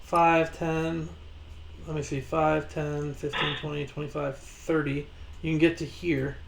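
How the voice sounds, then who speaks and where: A man running a tabletop game as game master, relaxed and joking while he walks the players through the rules. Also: a little high, measured pace, creaky, slight background noise.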